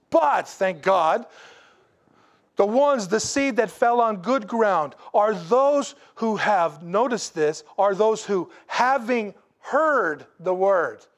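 A man preaching a sermon in a folksy, animated way, with asides to the congregation. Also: high-pitched, slow. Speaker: pastor.

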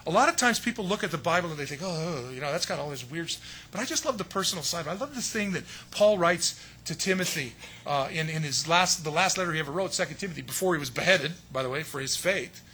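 A middle-aged man from San Diego preaching a relaxed, joking sermon. His voice sits high and bright with a husky edge, and he acts out the people in his stories. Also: fast. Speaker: pastor.

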